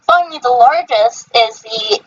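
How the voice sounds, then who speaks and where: A woman's voice: on the high side, lively intonation, moderate pace, muffled recording. A woman hosting a podcast in casual chat, rambling with many fillers and self-corrections. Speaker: podcast host.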